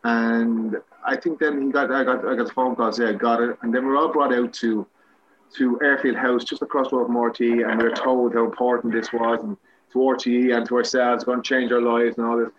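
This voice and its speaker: A man's voice: mid-range voice, level tone, brisk, highs cut off, a little hiss or hum. An Irish man, a guest actor, telling rambling, self-mocking anecdotes with many restarts in a casual interview.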